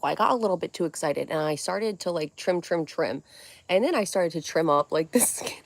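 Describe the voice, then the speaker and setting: A woman's voice: fairly low pitch, animated, brisk, vocal fry. A young adult woman hosting a casual livestream at home, rambling from one topic to the next in a scattered way. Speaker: livestream host.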